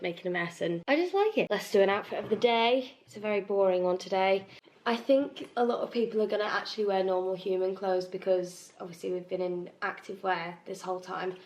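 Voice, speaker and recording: A young UK woman, a musical theatre performer, vlogs casually about rehearsals, bubbly and full of "like" but sounding a bit bunged up and tired. Her voice is lowish with a darkish tone.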